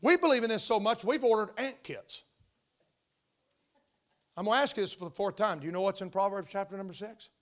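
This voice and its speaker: Older man, pastor preaching in church, high voice, emphatic, asks the congregation questions. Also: a little fast, long pauses. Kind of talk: sermon. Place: church sanctuary.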